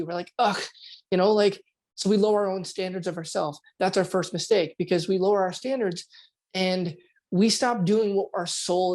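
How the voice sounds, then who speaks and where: A man, a performance coach, talking casually on a podcast from home at night, keeping his voice a bit quiet as he acts out quoted inner voices and swears now and then. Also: sits high.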